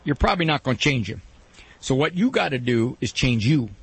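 A middle-aged man hosting a call-in advice show, lecturing emphatically with a gravelly voice. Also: medium pitch, sing-song, a bit bright. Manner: emphatic, lecturing, breaks into quick mock quotes. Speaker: radio advice host.

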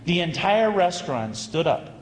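A priest telling a story in a sermon, animated and anecdotal, with dramatic pauses. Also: male voice, sits high, slight background noise. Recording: echoey hall with long reverb.

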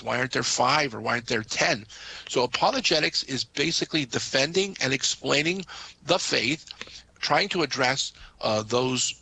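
A man's voice: medium pitch, gravelly, pushed and bright, a little hiss or hum, rough recording. A man, a Catholic priest, patiently explaining doctrine to listeners on a call-in radio show, with frequent "uh" fillers.

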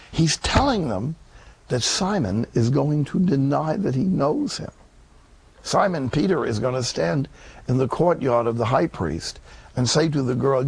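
Gravelly, husky male preacher. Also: no room sound. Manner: animated, emphatic delivery with wide swings in pitch. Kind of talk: sermon.

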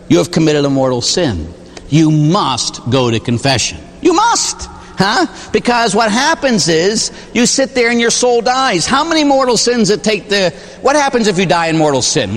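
This Catholic priest has a high voice and speaks at normal speed. His sermon in church is lively and humorous, full of rhetorical questions, and echoes with the long reverb of a big hall.

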